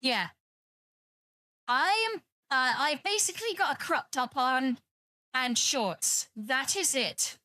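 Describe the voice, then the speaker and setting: High bright-voiced British woman streamer. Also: lively intonation, slow, no echo. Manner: rambling, swears freely, teasing chat. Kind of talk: casual livestream chat with viewers.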